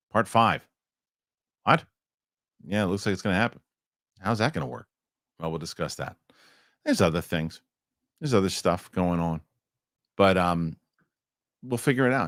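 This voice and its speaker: A man's voice: sits low, normal speed, pauses often, no echo, clean studio sound. A man co-hosting a live entertainment news show, joking and rambling in casual chat and reading news aloud. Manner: animated, joking, rambling asides.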